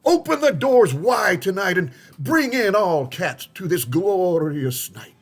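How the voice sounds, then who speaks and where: A man's voice: sits high, very animated, takes it slowly, pitched above the performer's own voice, exaggerated voice. A man voicing a proud male Persian cat who welcomes guests to a ball with grand proclaiming speeches, in a storybook reading. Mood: grandly welcoming.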